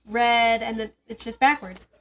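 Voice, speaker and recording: A woman's voice: a little high, steady tone, unhurried. Chatty woman co-hosting a podcast. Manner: chatty, laughs often, soft-spoken at times. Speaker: podcast co-host. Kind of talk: casual chat.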